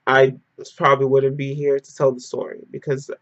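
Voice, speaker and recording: A man's voice: mid-range voice, completely flat delivery, moderate pace, no room sound. A man talking straight to camera in a casual storytime vlog, telling an emotional story packed with "like". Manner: emotional storyteller, heavy use of "like". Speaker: vlogger. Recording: dull lo-fi dry recording.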